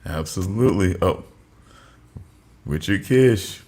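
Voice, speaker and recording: A man's voice: deep voice, animated, takes it slowly, a little mellow. A man co-hosting a casual podcast chat, thinking aloud and circling back through restarts as he works out his point. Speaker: podcast co-host.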